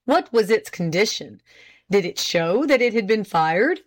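A woman voicing a formal male prosecutor who questions a witness deliberately and pointedly. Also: mid-range voice, lively intonation. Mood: probing.

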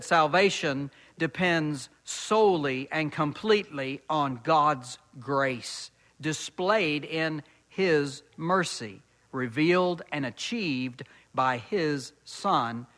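A man preaching a sermon as pastor, reading scripture slowly and deliberately and growing louder and higher when stirred.

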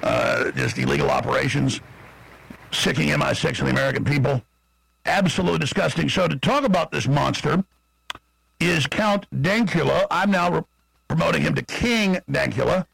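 A brash Texan man hosting a talk show with a gravelly, fried edge and a slightly husky tone. His voice is a bit high for a man and sits close and dry on the mic. He talks in a rapid-fire, mocking way. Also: lively intonation, fairly bright tone, dry recording, low-quality recording. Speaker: show host. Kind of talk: talk show monologue and interview.

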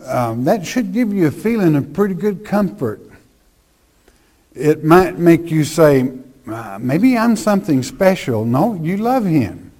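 A man preaching a sermon in a slow, conversational way, reading scripture with emphasis. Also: on the high side, warm tone.

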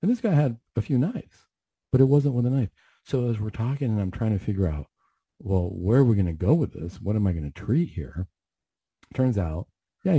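A man's voice: lowish voice, dark tone, breathy edge, no echo. A man, a mental health clinician, telling a story on the radio in an earnest, reflective way with frequent restarts.

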